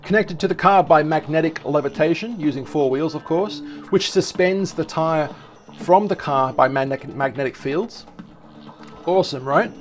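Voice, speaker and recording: A man's voice: fairly high pitch, measured pace, soft background music. A man hosting a casual video commentary, enthusiastic and rambling, often stopping to correct himself. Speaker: video host.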